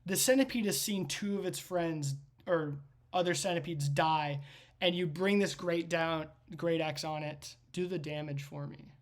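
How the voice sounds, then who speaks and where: A woman game master narrates a tabletop game in a low, unhurried voice. Her storytelling is vivid and rambling, with frequent restarts.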